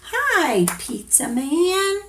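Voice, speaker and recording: A woman's voice: very high-pitched, sing-song, very slow, sharp tone, echoey room, a little hiss or hum, voice pushed up, exaggerated voice. A woman voicing an eager, hungry little girl from a picture book who greets the pizza man in squealing, sing-song bursts. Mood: excited, squealy.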